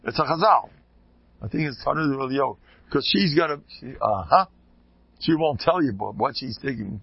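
A man's voice: medium pitch, animated, moderate pace, vocal fry, husky, no echo, dull audio. An older man, a rebbe, giving an informal Torah talk, joking and sprinkling in Hebrew and Yiddish terms. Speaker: rebbe teaching a Torah class.

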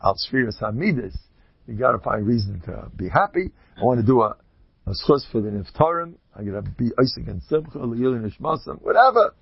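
A man giving an informal religious talk to an audience. He tells stories in an animated way, leaps up in pitch for emphasis and adds joking, self-deprecating asides. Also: a little fast, vocal fry, husky, no room sound, lo-fi sound. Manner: animated storytelling, jumps high in pitch for emphasis.

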